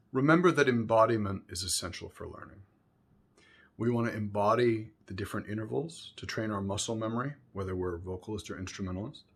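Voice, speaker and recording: A man giving a spoken music lesson, explaining calmly between sung examples, with violin playing behind him. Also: on the low side. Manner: unhurried, explanatory, breaks into singing syllables. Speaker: music teacher.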